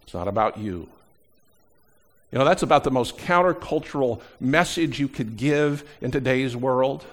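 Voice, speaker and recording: A middle-aged pastor delivers an animated sermon at a moderate pace, alternating between loud emphasis and quieter asides. His voice sits at a medium pitch, and faint music plays in the background.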